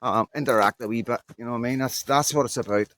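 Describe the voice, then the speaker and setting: A man's voice: mid-range voice, fast talker, a bit bright. Northern Irish man, fifties, blunt rambling vlogger talking into a phone outdoors. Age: 50s. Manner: rambling, candid, blunt, mild swearing. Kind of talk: casual monologue to camera. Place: outdoors on a muddy walk.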